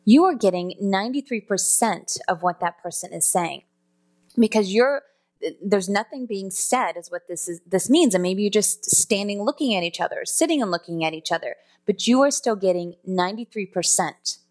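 A woman's voice: mid-range voice, lively intonation, moderate pace. A woman teaching customer service phone skills in a spoken lesson, explaining step by step and now and then correcting herself. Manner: explanatory, self-correcting, demonstrates tones aloud.

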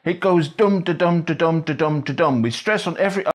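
A man presenting a scripted, clear and didactic explainer video. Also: on the high side, a little fast.

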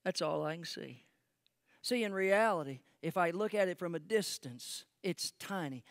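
A man preaching a sermon as pastor, swinging from shouted peaks to hushed, close asides. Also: sits high, lively intonation, moderate pace, gravelly, no room sound. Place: church sanctuary.

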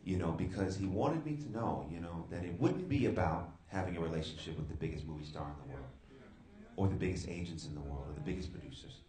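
A man giving his faith testimony to a live youth audience in a big hall, lively, calling out to the crowd and rising sharply in pitch when he gets excited. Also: quick pace.

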